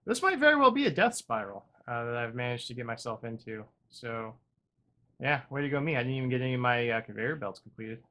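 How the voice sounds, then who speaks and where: Very animated and fast, the man hosting this gaming video talks through his thoughts in a medium pitch, poking fun at himself with wry humor. He shifts back and forth between cheerful remarks and under-the-breath muttering.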